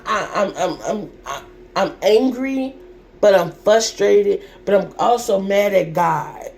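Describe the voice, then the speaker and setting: A woman's voice: mid-range voice, gravelly, a little mellow, a little hiss or hum. A young adult woman telling a personal story to her viewers in an emotional, repetitive, colloquial way. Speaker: vlogger.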